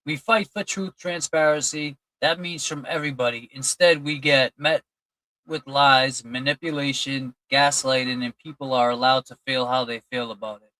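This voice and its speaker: A man's voice: mid-range voice, fairly even intonation, normal speed, sharp tone, dry recording, rough recording. Man, livestream host, casual chat, thanks donors, dry close sound. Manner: reads out donor names and thanks them, chatty and loose. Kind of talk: casual livestream chat reading super chats.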